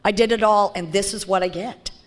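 A woman's voice: mid-range voice, fairly even intonation, a little fast. A woman speaking bluntly and candidly as she shares her recovery story, with frequent fillers and restarts. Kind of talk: personal testimony talk.

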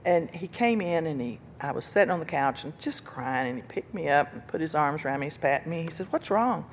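An older woman giving an earnest personal testimony about recovery and loss, telling her story with bursts of laughter and loud quoted lines. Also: sits low, lively intonation, fairly quick, creaky, a little hiss or hum. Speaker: speaker sharing recovery story.

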